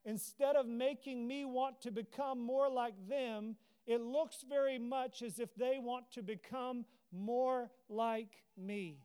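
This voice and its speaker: A man's voice: extremely high pitch, steady tone, slow pace, hardly any pauses, mellow, smooth. A man preaching an impassioned, earnest sermon, his voice rising into emotional cries, at times teary. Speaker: pastor.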